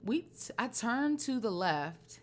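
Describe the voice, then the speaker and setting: A woman co-hosting a podcast, telling a story in a casual, profane, animated way. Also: fairly high pitch, slow. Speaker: podcast co-host. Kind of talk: casual chat.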